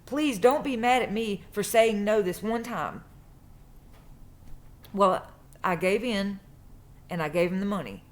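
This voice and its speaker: A woman's voice: medium pitch, lively intonation, measured pace, pauses often. A woman, telling a personal story in a casual, emphatic way and repeating phrases for stress. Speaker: true crime vlogger.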